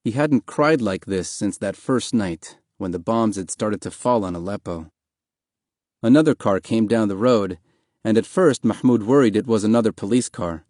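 A man narrating an audiobook in a calm, even, measured reading voice. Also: on the low side, no room sound, clean studio sound.

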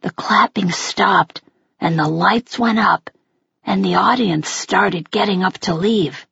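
Slow, breathy woman reading a novel. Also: mid-range voice, fairly bright tone, no echo, highs cut off. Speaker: audiobook narrator. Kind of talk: first-person audiobook narration.

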